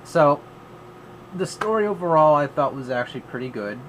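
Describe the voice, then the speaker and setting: A man's voice: on the high side, expressive, normal speed, slight background noise, low-quality recording. A man giving a casual vlog movie review in a rambling, offhand way, with many fillers and restarts.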